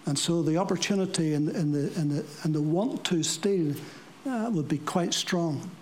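A preacher giving a sermon to a congregation, talking plainly with rhetorical questions and dry asides, slowing down for scripture quotes. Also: mid-range voice, darkish tone, a little hiss or hum, low-quality recording. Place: church service before a congregation.

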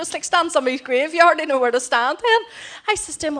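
Middle-aged woman missionary, heartfelt storyteller, a touch high-pitched. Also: quick pace, fairly bright tone. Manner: heartfelt storytelling, voices others in quotes. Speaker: missionary speaker. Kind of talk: mission report to a church congregation.

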